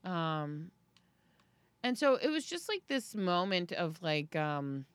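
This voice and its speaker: A woman in her thirties chatting casually as a podcast host, telling a story and acting out quotes with sudden high-pitched jumps. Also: very animated, takes it slowly, clean tone, no echo. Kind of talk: casual chat.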